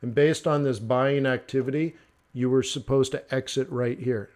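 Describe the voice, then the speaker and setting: A man hosting a casual forex trading live stream, talking through charts in a joking, animated way. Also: mid-range voice, normal speed. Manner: chatty, joking, animated asides with mock voices.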